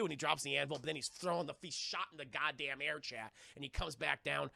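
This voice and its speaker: A man recapping a film on a live stream, rambling and profane, talking to his chat and slipping into shouted character bits. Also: on the high side, quick pace, vocal fry, dry recording, clean studio sound.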